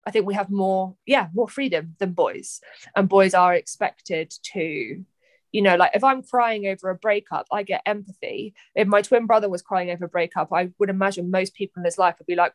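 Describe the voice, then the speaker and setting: A woman's voice: mid-range voice, brisk, dry recording. Chatty young woman, dry sound. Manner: animated, chatty, acts out quoted voices. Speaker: podcast guest, poet. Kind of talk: candid conversational chat.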